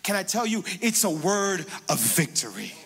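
A man pastor preaching a sermon, emphatic, moving between hushed passages and loud, rising declarations. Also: sits high, sing-song, normal speed, vocal fry, breathy edge, big-room sound.

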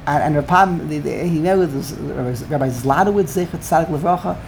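An emphatic woman leads a Torah class, wandering from point to point and scattering Yiddish and Hebrew terms through her talk. Her voice sits on the low side, with a faint hiss behind it. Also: a little fast, a little mellow. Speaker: Talmud teacher.

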